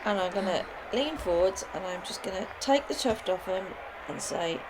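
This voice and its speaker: Woman player, playful and animated, audible noise behind. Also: medium pitch, moderate pace. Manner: animated, playful, laughing in character. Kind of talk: tabletop role-play.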